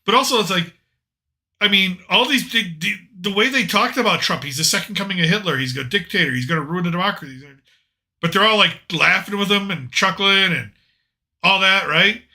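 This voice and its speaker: A man hosts a podcast in a loose, rambling way, full of opinions and jokes. His voice sits a little high and rings very bright. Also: brisk. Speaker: podcast host. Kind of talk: casual political chat.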